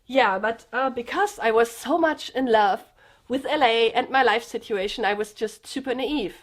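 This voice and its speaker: A young woman from Germany with a German accent, speaking in an earnest, hesitant way, with fillers and restarts, in a personal confessional vlog. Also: a little high. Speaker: vlogger.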